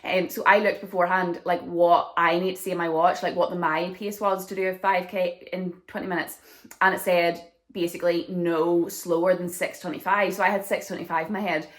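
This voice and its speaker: A woman's voice: fairly low pitch, little pitch movement, brisk. Chatty young woman vlogging. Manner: chatty, full of "like" fillers. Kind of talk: casual vlog to camera.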